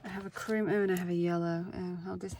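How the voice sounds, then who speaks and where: A woman's voice: fairly low pitch, little pitch movement, quick pace, darkish tone, slight background noise. A woman in her thirties, chatting casually and self-deprecatingly to viewers as she works on a craft project at home. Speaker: craft vlogger. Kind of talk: casual craft-along chat.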